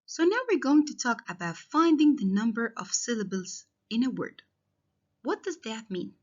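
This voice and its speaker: Woman teacher, slightly high, animated, lo-fi dull recording; patient step-by-step classroom delivery. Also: normal speed. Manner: patient, step-by-step, addresses children directly. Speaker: primary school English teacher. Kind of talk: classroom lesson explanation. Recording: dull lo-fi sound.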